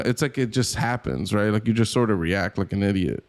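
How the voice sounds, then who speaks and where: A man's voice: medium pitch, animated, a little fast, hardly any pauses. A man in his thirties co-hosting a podcast, chatting casually, rambling and self-deprecating, swearing freely. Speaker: podcast co-host.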